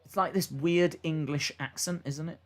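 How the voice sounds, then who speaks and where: Viewer chat gets read aloud as this young man casually calls wrestling moves on a livestreamed watch-along, often saying "uh." His voice is on the high side, with fairly even intonation and a moderate pace.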